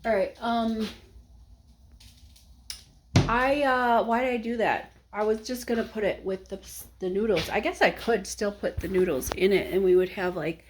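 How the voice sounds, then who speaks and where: A woman's voice: mid-range voice, steady tone, moderate pace, noisy background. A young woman rambling casually to the camera while she cooks, a little out of breath. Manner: rambling, chatty, self-talking while cooking. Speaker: vlogger. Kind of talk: casual cooking vlog chat.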